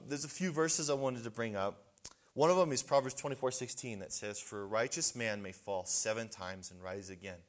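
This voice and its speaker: A man's voice: mid-range voice, fairly bright tone. A man giving a conversational sermon at a men's retreat, earnest and casual, often restarting his sentences.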